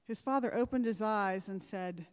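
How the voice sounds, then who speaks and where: This commencement speaker addresses a large ceremony hall in a formal speech, using rhetorical questions and stories to hold her audience. She has a mid-range voice at a moderate pace, captured with the echo of the big room.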